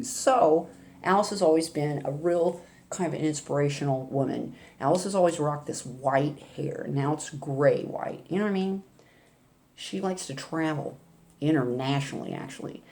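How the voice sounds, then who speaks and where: A woman's voice: sits low, darkish tone, a little hiss or hum. An older woman vlogging, telling a rambling, chatty story in a casual way. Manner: rambling, chatty, with laughs and asides.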